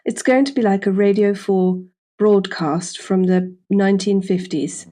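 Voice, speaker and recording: A woman's voice: medium pitch, fairly even intonation, mellow. A woman hosting a podcast, chatting casually and jokily from a hotel room on a lapel mic, often correcting herself mid-sentence. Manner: chatty and jokey, with quick self-corrections. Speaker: podcast host.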